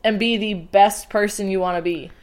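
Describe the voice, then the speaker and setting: A woman's voice: medium pitch, steady tone, moderate pace, a little mellow. A young woman co-hosting a casual chat podcast, teasing and telling stories. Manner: teasing, storytelling. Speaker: podcast co-host.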